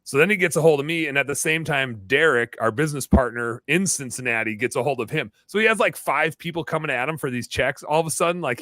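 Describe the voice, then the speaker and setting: Forceful, chatty podcast host man. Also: a little high, dry recording, studio quality. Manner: rambling, chatty, full of asides and restarts. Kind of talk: casual storytelling chat.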